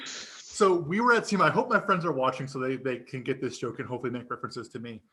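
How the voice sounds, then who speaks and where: A man co-hosting a podcast, telling a story in casual chat, animated and profane, laughing often and acting out what people said. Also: medium pitch, racing. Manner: animated, laughing storyteller who swears and acts out quotes. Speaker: podcast co-host.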